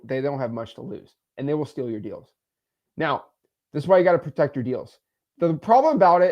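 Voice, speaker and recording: A man hosting a blunt, animated coaching monologue, often tagging his points with "right?". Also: a little high. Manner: blunt, animated, talks to the viewer, frequent "right?" tags. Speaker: host.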